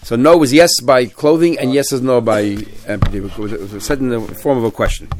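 A man's voice: medium pitch, fairly quick, a crowd in the background. Man teaching Talmud in a sing-song. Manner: animated, sing-song, acts out both sides. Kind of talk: Talmud class lecture.

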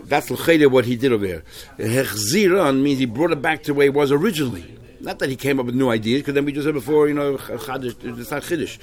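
A man's voice: mid-range voice, fast talker. Man teaching a Talmud class. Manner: mixes Hebrew and Yiddish terms into English, animated, with many restarts. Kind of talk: Talmud shiur, explaining texts.

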